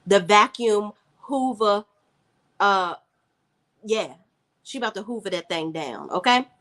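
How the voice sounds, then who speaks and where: A TV show reviewer gives a sassy, opinionated recap of an episode, casually commenting and slipping into quoted lines of dialogue. Her mid-range voice is animated and fairly bright, and she takes her time.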